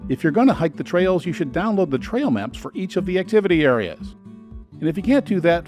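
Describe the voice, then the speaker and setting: A man's voice: on the high side, a little mellow. A man narrating a scripted travel guide in an earnest, advisory voice-over. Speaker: travel video host.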